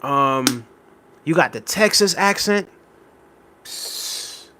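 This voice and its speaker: A young man hosts a live stream, his voice slightly high, animated and bright, with a forceful edge and a faint hiss or hum in the audio. He speaks very slowly, rambling casually with plenty of fillers as he reads viewer comments aloud and reacts to the chat.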